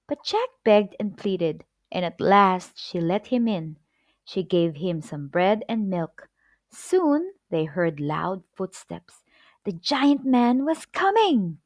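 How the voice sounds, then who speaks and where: Woman, storyteller, children's story read aloud, expressive, lively pitch, slow, dry close sound. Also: dry recording. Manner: expressive, clear storybook delivery.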